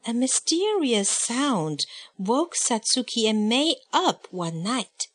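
A woman's voice: fairly high pitch, big pitch swings, slow. A woman reading a picture book aloud in a playful way, chanting the sound effects. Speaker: storybook reader.

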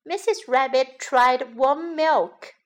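A woman narrating a bedtime story for English learners in a slow, expressive read-aloud manner. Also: sits high.

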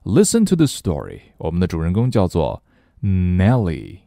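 Deep animated man teaching English. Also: normal speed, vocal fry, no echo, studio quality. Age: middle-aged. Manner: playful, animated explaining with jokes about himself. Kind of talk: friendly audio lesson with storytelling.

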